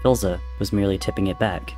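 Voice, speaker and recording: A man giving a dramatic reading of a story, narrating in a steady, grave storytelling manner. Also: sits low, fast talker, soft background music. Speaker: reader. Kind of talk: dramatic reading of fan fiction.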